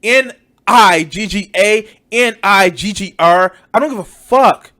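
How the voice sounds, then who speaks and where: A man's voice: high-pitched, measured pace, bright, forceful tone. A man giving profane, exasperated reaction commentary on a video, mocking its creator. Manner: mocking, exasperated, swears often. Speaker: reaction streamer.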